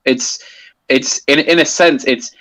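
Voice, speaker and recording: A man's voice: mid-range voice, steady tone, slow, fairly bright tone, no echo, poor audio. A man explaining a topic in casual conversation, hesitant with many restarts and fillers. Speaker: guest explaining poetry.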